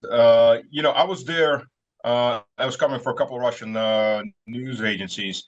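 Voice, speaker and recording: A man's voice: mid-range voice, normal speed. Rambling man on a dull line. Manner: rambling, many uh fillers, laughs at his own stories. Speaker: guest commentator. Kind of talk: casual interview talk. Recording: dull lo-fi sound.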